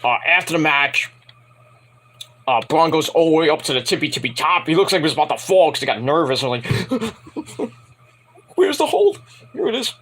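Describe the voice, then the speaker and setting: A man with a husky, slightly raspy voice that sits higher than most and cuts bright and forceful. He rambles through a casual wrestling recap with plenty of fillers and swearing, sounding frustrated. He is talking from home at night. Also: fast, low-quality recording. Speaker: wrestling show reviewer. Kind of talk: casual spoken review.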